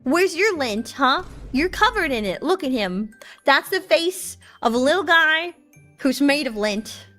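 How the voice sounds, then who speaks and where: Young woman streamer, high voice, playful storyteller, faint music bed. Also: big pitch swings, unhurried, sharp tone. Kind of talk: casual chat with viewers.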